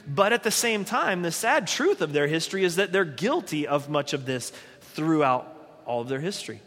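A man's voice: fairly high pitch, expressive, normal speed, a bit bright, long reverb tail. A man preaching a sermon in a conversational way, retelling scripture in everyday speech. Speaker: pastor.

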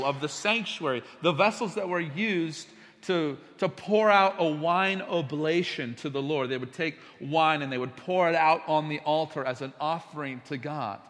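Animated man preaching in an echoing hall. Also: fairly high pitch. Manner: animated storytelling, swinging between hushed and loud. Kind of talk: sermon.

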